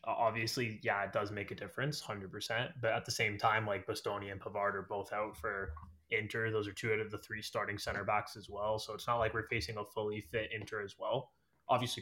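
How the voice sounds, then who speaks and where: A man's voice: fairly low pitch, fairly bright tone. A man chatting casually as a podcast guest, hedging often with fillers and "I think". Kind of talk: casual chat.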